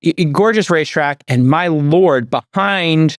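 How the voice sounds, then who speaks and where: A man hosting a podcast, telling rambling, animated stories in casual chat. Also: fairly high pitch, a little slow, no room sound. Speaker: podcast host.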